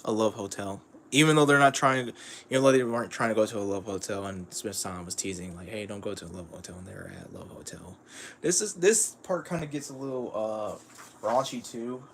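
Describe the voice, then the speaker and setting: A man with a fairly low voice gives loose, casual livestream commentary on a manga he is reading. He rambles, stacks up fillers and breaks into chuckles as he goes. A faint hum of noise sits under his desk-mic sound. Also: brisk, vocal fry, fairly bright tone. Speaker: streamer reviewing manga.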